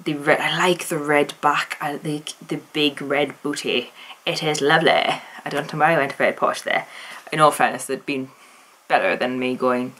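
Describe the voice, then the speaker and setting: A woman's voice: low voice, steady tone, normal speed, a bit bright, slight background noise. A woman vlogging casually, chatty and enthusiastic, rambling through her opinions with restarts.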